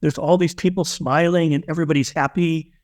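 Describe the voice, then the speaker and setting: A man's voice: on the high side, steady tone, brisk, darkish tone. A man with a somewhat raised voice tells a personal story as a guest in an interview. He speaks earnestly and with open emotion, and often circles back to restart a sentence. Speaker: guest, spiritual teacher.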